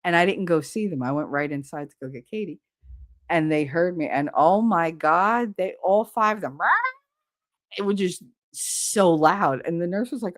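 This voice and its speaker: A woman's voice: on the low side, animated, normal speed, no echo, clean studio sound. A middle-aged woman hosting a livestream, talking in a rambling, candid way with lots of fillers and the odd swear word. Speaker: livestream host. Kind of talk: casual chat.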